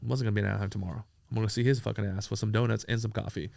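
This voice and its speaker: A man from San Diego telling profane, animated stories as an interview guest, acting out the dialogue he quotes. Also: fairly low pitch, rapid-fire, gravelly, no echo. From San Diego, USA. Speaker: entrepreneur guest. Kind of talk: casual storytelling interview.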